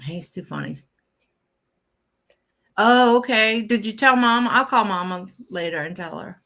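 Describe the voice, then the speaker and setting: A woman co-hosting a casual chat, telling lively stories and acting out the voices of the people in them. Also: mid-range voice, unhurried. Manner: animated storyteller, acts out quoted voices. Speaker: co-host.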